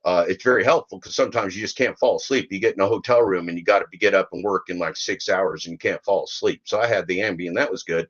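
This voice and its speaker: A man's voice: low voice, fast, hardly any pauses, fairly bright tone, lo-fi sound. A middle-aged man hosting a podcast, rambling and joking in folksy grammar. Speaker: podcast host. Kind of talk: rambling comic monologue.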